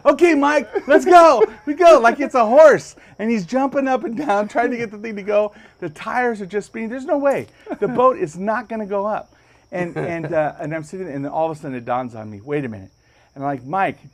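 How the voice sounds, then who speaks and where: A man hosting a podcast, telling a story with lots of energy and jumping up high when he acts out other people's lines. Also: lively intonation, brisk, darkish tone. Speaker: podcast host. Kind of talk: animated storytelling. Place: podcast studio.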